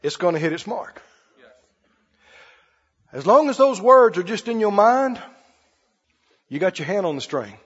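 A man delivers a sermon in a casual, questioning manner, acting out small scenes for his listeners. His voice sits very high and sounds husky. The lo-fi recording carries a long hall reverb, as in a church sanctuary. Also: sing-song, unhurried, pauses often. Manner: conversational preaching, asks the congregation questions, acts out scenes. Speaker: pastor.

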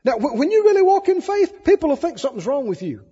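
A man preaching a sermon, animated, swinging between loud emphasis and soft asides. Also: very high-pitched, quick pace, big-room sound, lo-fi sound.

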